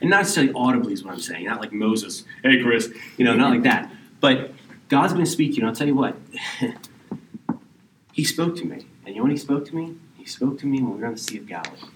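Male pastor preaching a sermon, conversational delivery with hushed near-whisper moments, set back from the mic with a faint hiss underneath. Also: mid-range voice, animated, fast talker, roomy sound, far from the mic, low-quality recording.

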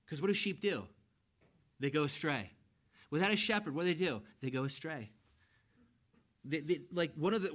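A man preaching a sermon in a slightly high voice. He explains scripture in a conversational teaching manner and asks his listeners questions. When he quotes verses, he slows down and stresses the words. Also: a bit bright. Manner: reads scripture slowly and with emphasis. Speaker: pastor.

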